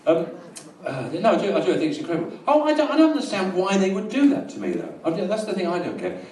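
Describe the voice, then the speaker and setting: Performing at a small venue, a comedian with a London accent delivers rambling, deadpan tales of the absurd, now and then erupting into loud rants. He speaks fast in a voice that sits high. It's a roomy live recording from a distance, with slight background noise and laughter from the crowd.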